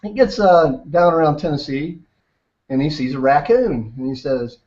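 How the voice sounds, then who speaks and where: A man hosting and closing the video by telling an animal fable in a lively storytelling manner. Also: on the high side, normal speed. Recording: dull lo-fi recording.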